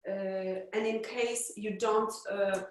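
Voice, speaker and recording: A woman with a Polish accent, a coach practicing her business pitch with hesitant restarts. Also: takes it slowly, roomy sound, slight background noise, low-quality recording. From Poland. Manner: hesitant restarts, animated when quoting clients.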